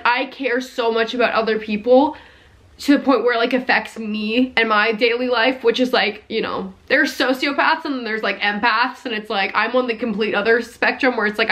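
Young woman, high voice, impassioned vlog commentator. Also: fairly bright tone. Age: young adult. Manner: heated, lots of "like" fillers. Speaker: commentary YouTuber. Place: home basement.

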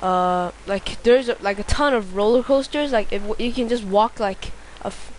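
A woman doing let's play commentary, excitable, swearing a lot and yelling at the game. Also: mid-range voice, moderate pace, slight background noise. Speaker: gameplay commentator.

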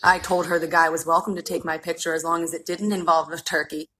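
A woman's voice: lowish voice, little pitch movement, fast, sharp tone, a little hiss or hum, low-quality recording. A woman in her thirties reading a humorous memoir aloud on a phone livestream, with a wry, dry comic delivery. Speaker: reader. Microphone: phone mic.

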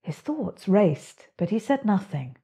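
Slow, breathy woman reading a storybook. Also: mid-range voice, highs cut off. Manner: gentle, expressive storytelling. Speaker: author reading her children's book. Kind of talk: storybook read-aloud.

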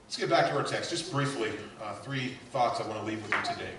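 A male pastor preaching a sermon, swinging between loud emphatic lines and quiet hushed asides. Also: on the low side, fast talker, background noise. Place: church sanctuary. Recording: echoey church hall heard from a distance.

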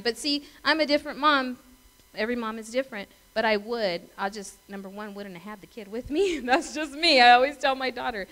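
A woman's voice: a little high, lively intonation, fairly quick, sharp tone, rough recording. A middle-aged woman pastor giving a conversational sermon, telling stories, laughing and asking her congregation questions. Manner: chatty storytelling, asks the congregation questions.

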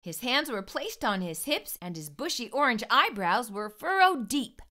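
A woman hosts a children's storytime and reads a picture book aloud with expressive narration. Her voice is bright and fairly high, and it moves up and down in a lively way. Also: moderate pace. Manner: warm expressive read-aloud. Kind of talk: read-aloud storytelling for kids.

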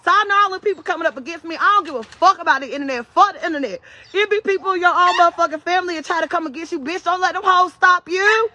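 A woman's voice: very high voice, racing, sharp tone, slight background noise. A woman with a North Carolina accent, ranting to her followers in a profane, defiant live-stream vlog. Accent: Southern US, North Carolina. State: out of breath at times. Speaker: social media vlogger. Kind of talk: unscripted live-stream rant.

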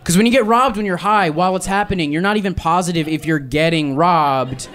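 A man in his thirties performing a stand-up set, telling a story in a dry, deadpan way and slipping into exaggerated voices for quotes. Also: sits high, a little fast. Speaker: stand-up comedian. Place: live comedy club with audience laughter. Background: audience laughter.

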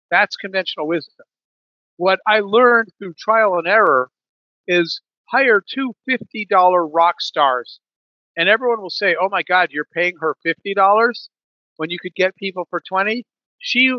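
A man's voice: sits high, no room sound, highs cut off. A man in a podcast interview, telling a business story with many restarts and fillers. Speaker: podcast guest, business leader.

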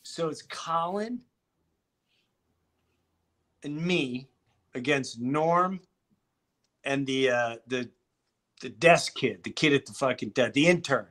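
A middle-aged man from Long Island, a comedian telling lively stories in a casual chat and swearing freely. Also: mid-range voice, slow, pauses often. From Long Island, New York. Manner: animated, heavy swearing, restarts. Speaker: comedian guest.

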